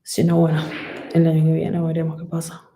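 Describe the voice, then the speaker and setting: A woman's voice: low voice, monotone, fast talker, mellow, echoey room, slight background noise, rough recording. A woman boxer with a Spanish accent and Spanish as her first language, chatting loosely and swearing freely on a casual live stream. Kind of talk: casual live-stream chat answering comments.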